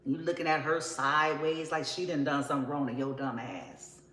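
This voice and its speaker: A woman's voice: low-pitched, moderate pace, fairly bright tone, roomy sound, slight background noise, low-quality recording. A woman giving a casual tarot reading, blunt and profane, often laughing as she talks. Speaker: tarot reader.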